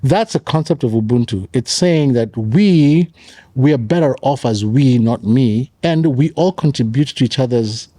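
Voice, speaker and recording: A man's voice: medium pitch, normal speed, warm tone, no room sound. A man, a pastor and author telling stories as a podcast guest and repeating key phrases for emphasis. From Kenya. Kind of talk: conversational storytelling.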